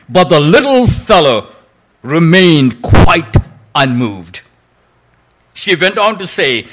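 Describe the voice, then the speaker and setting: A man's voice: sits high, sing-song, slow, a bit bright. A male preacher telling a story in a sermon, with a dramatic delivery that draws out quoted lines.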